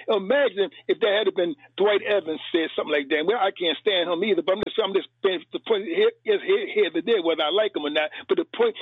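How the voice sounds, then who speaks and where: A man's voice: high-pitched, breathy edge, no room sound. A man calling in to a radio show, heated and rambling, stumbling over and repeating his words. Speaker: caller. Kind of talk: call-in radio rant. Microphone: telephone. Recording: tinny phone line.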